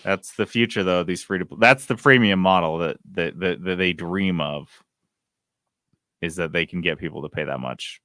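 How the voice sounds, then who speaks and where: A man co-hosting a casual podcast chat, ranting and swearing in an animated way. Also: sits low, moderate pace, no echo, clean studio sound. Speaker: podcast co-host.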